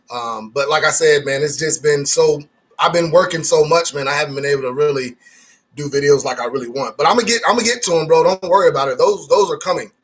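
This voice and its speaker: A man hosts a casual live stream, chatting loosely and restarting his sentences. His voice is bright and a bit husky, pitched slightly high for a man. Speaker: livestream host reading chat.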